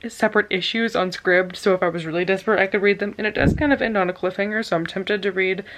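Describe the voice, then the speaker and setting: A woman's voice: medium pitch, fast, a bit bright. A woman, chatting casually to camera as a book vlogger, with lots of "like" fillers. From Texas. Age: early 20s. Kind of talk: casual vlog chat.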